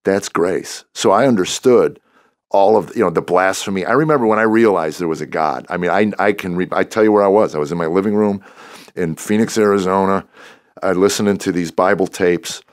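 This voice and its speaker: A man in his sixties, a comedian, telling lively stories in a podcast interview and acting out what people said. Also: low voice, fairly quick, dry recording, studio quality. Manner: animated storyteller who acts out quoted dialogue. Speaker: comedian guest.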